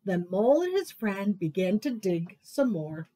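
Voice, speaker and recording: A woman librarian reading picture books aloud to children at story time, expressive and sing-song. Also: medium pitch, measured pace.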